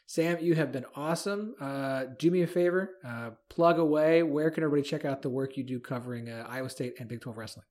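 A man's voice: a little high, fairly quick, few pauses, darkish tone. A man hosting a college sports podcast, talking enthusiastically in a loose, rambling way with fillers. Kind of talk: casual sports talk.

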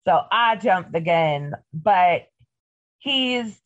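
A woman co-hosting a casual recap podcast, retelling a TV episode in an animated, profane way. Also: on the low side, extremely slow. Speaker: podcast co-host. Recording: dull lo-fi audio.

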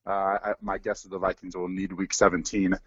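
A man in his forties, a former pro football player, talking through sports in a relaxed, rambling way with many fillers. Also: low voice, fairly quick, slightly rough, no room sound, lo-fi sound. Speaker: former NFL player, guest analyst. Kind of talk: casual sports talk.

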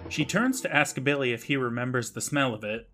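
A man's voice: medium pitch, expressive, fairly quick, bright, forceful tone, faint music behind. A man co-hosting a podcast, retelling a TV episode's plot in casual chat with wry, joking asides. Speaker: podcast co-host.

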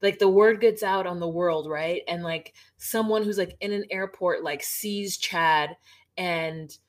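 A woman's voice: on the low side, measured pace. A woman recapping in a rambling, frank podcast chat, dropping casual swears. She circles back through her sentences with plenty of fillers. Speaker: podcast co-host.

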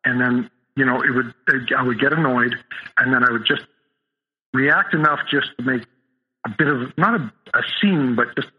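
A man as a podcast guest, telling a personal story in a halting way, with many restarts and fillers. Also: mid-range voice, narrow, tinny audio.

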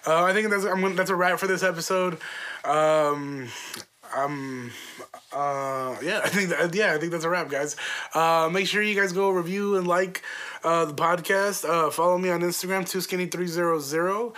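A man's voice: fairly high pitch, moderate pace, pushed and bright. A young man hosting his own podcast, telling a story in a loose, profane, casual way with laughs along the way. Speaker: podcast host.

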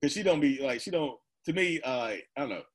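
Husky man in his thirties, candid and rambling. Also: mid-range voice, expressive, fairly quick. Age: 30s. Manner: casual, rambling, laughs often, quotes himself in asides. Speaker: interview guest. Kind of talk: candid personal conversation.

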